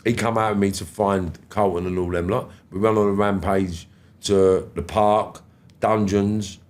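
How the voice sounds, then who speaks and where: A man in his fifties with a fairly low voice speaks a little slowly as a podcast guest. He tells stories casually and with animation, acting out other people's lines and swearing freely.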